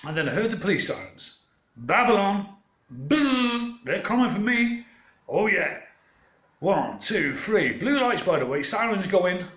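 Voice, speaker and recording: A man's voice: fairly high pitch, fairly bright tone, roomy sound. A man telling a long, meandering story in a defiant, swearing rant to his channel. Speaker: channel host. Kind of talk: rambling ranting monologue.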